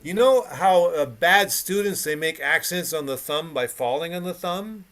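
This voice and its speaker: With a voice on the high side and lively intonation, a piano teacher coaches a student one-on-one over video call at a moderate pace. He stresses his points and repeats brief cues as he demonstrates, piano sounding behind him.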